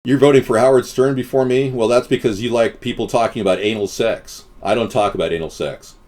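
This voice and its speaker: A man hosting a political live stream, talking casually in a rambling, digressive way full of halting restarts. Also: medium pitch, fairly even intonation, darkish tone. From West Coast of the US.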